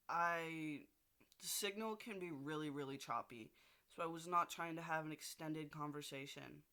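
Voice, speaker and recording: A man's voice: a little high, pushed and bright, smooth. A young man ranting casually in a video diary, swearing often and rambling with restarts. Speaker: video diarist.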